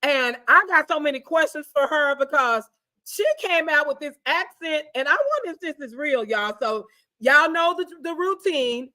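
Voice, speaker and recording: A woman's voice: high-pitched, animated, moderate pace, sharp tone. A woman hosting a casual interview, chatty and effusive. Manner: chatty, effusive, says y'all. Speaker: talk show host.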